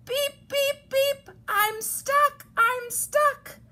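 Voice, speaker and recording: A tiny, friendly truck squeaks and beeps in a very high voice, as a woman puts him on. He sounds small and eager, like a picture-book toy come to life. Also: fairly even intonation, extremely slow, sharp tone, full character voice. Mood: panicked. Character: small friendly little blue truck, cheerful.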